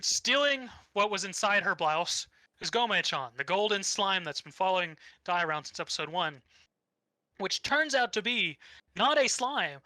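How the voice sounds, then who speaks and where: A man's voice: high voice, pushed and bright, dry recording, rough recording. A young man co-hosting a podcast, rambling through a casual anime recap with easy swearing. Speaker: podcast co-host.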